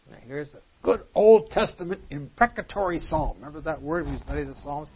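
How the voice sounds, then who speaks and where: A man's voice: fairly high pitch, lively intonation, a little fast, slight background noise. A man teaching a Bible study class, reading scripture aloud in old-fashioned wording and explaining it, growing emphatic on the quoted verses. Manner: reads scripture aloud in King James wording, then explains; emphatic, rising on quoted lines. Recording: dull, lo-fi classroom recording.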